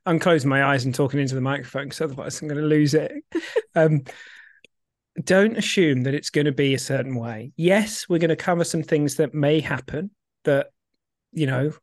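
A man's voice: on the high side, dry recording, clean studio sound. A man co-hosting a casual podcast chat, giggly and self-mocking. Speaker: podcast co-host.

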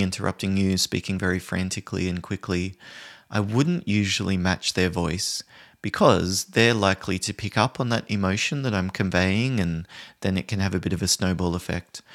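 A man with a notably deep voice, talking through his points in a calm, measured way. He sounds like a trainer explaining conflict-resolution skills in a solo podcast.

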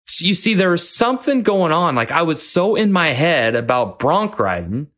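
Earnest folksy man, fairly high voice. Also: sing-song, moderate pace, hardly any pauses, a bit bright. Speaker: podcast host and leadership coach. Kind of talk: personal storytelling monologue.

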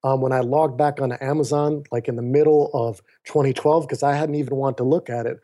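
A man's voice: mid-range voice, fairly quick. A man guesting on a podcast, earnestly recounting a personal story and acting out the dialogue over a remote call. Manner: earnest, animated retelling with quoted dialogue. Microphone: remote call mic.

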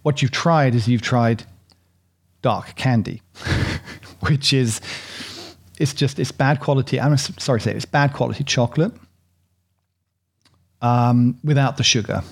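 A man hosts a relaxed tasting session, talking his way through each bite in a loose, rambling way. His voice sits at an ordinary pitch with a gravelly, creaky edge, and he makes fun of himself easily. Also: unhurried, pauses often. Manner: chatty, rambling and self-deprecating. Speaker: host tasting chocolate. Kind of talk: casual tasting chat.

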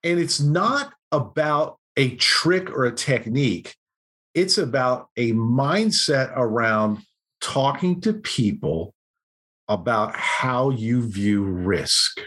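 A man guest on a podcast, telling a story in a casual, animated way and acting out what people said. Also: medium pitch, slow, breathy edge. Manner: animated anecdote-telling, acts out quotes. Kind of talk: conversational storytelling.

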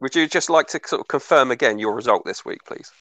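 Man, podcast host, bright gravelly voice, lively intonation, dry recording. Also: mid-range voice, fast, no echo. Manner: laughs a lot, wraps up the show. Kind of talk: casual podcast chat.

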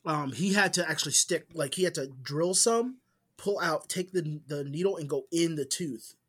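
A man's voice: fairly high pitch, normal speed, fairly bright tone, husky. A man talking on a casual podcast, giving emphatic, swearing opinions. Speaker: podcast co-host. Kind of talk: casual chat.

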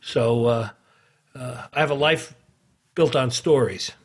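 A man's voice: mid-range voice, takes it slowly, slightly rough. A middle-aged man, a podcast guest, telling a long anecdote in a rambling way with many fillers, restarts and chuckles. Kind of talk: casual anecdotal storytelling.

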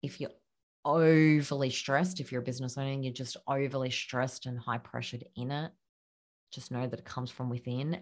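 A woman's voice: a bass voice, a bit bright. A woman hosting her own podcast as a coach, talking encouragingly to listeners, laughing often and sometimes dropping to a near-whisper. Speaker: podcast host and business coach. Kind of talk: solo podcast talk.

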